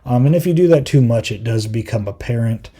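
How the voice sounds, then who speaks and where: A man's voice: medium pitch, a little fast, dark tone, slightly rough. A man hosting a podcast, giving a rambling, filler-heavy review in casual chat, exasperated and given to acting out quotes in mocking voices. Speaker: podcast host.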